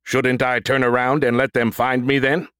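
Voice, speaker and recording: A cocky, wisecracking male battle android, eager for a fight and full of jokes, played by a male narrator. His voice sits at an ordinary middle pitch, dry and close in an audiobook reading. He stammers now and then over his lines. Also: flat delivery, normal speed, fairly bright tone, clear, resonant tone, dry recording, lightly acted. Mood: cocky, joking. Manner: cocky, joking banter with stammered "R-, Roger".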